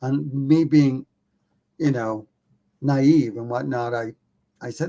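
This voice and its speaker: A man in his usual middle-pitched voice spins a story as a podcast guest, lively and casual. He pokes fun at himself and drops a curse word here and there without a second thought. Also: slow pace, highs cut off. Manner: animated, self-mocking, swears casually. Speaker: podcast guest, documentary filmmaker.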